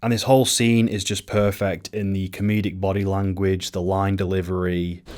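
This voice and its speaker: A man's voice: deep voice, level tone, moderate pace, a little mellow, clean tone. A man doing casual film commentary at home, sarcastic and mock-pompous. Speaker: video essayist. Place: home room.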